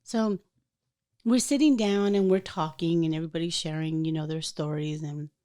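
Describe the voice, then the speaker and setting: A woman hosting a podcast, chatting casually and telling a personal story in an animated way, acting out the voices of people in it. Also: deep voice, normal speed. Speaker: podcast host.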